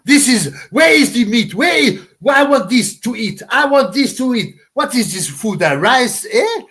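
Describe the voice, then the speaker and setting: A man voicing a loud, furious man ranting about plane food in a comic livestream bit, shouting demands and insults. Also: very high voice, big pitch swings, a little slow, pitched above the performer's own voice, exaggerated voice. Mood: demanding.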